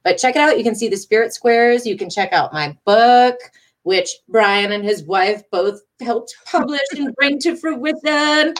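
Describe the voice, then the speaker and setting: A woman's voice: on the high side, measured pace. A woman hosting a live stream, chatting casually, reading viewer comments and laughing often. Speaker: host of a live stream show.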